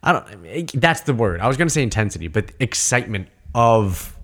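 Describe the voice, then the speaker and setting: Male podcast co-host, casual, emphatic, halting delivery. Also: on the low side, very animated, a bit bright. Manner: halting, restarts often, emphatic. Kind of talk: casual chat.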